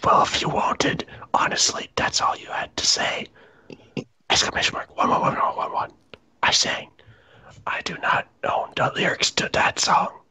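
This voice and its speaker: A man doing a comedic, mock-dramatic reading of fan fiction, reading the punctuation aloud in a breathy half-whisper. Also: moderate pace, bright, forceful tone. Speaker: reader.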